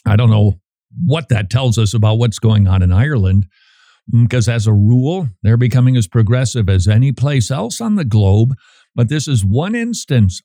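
A man's voice: medium pitch, dark tone, dry recording, clean studio sound. A man hosting a show, giving casual, opinionated commentary in a conversational, emphatic way.

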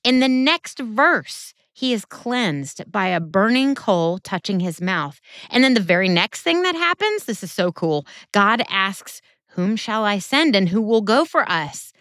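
A woman's voice: mid-range voice, sing-song, measured pace, fairly bright tone, dry recording, clean studio sound. A woman giving a Bible teaching sermon in an earnest, conversational way with emphatic turns.

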